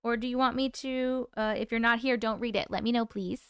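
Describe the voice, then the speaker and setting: Chatty woman livestream host, clear voice. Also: a little high, fairly even intonation, brisk, no room sound, clean studio sound. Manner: greets viewers by name, chatty and affectionate. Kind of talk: casual livestream chat reading comments.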